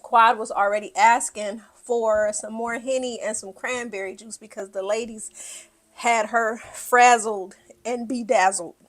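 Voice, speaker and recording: A woman's voice: a little high, unhurried. A woman giving a casual, blunt and profane recap of a reality show, acting out what people said. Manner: animated, blunt and profane, acts out quotes.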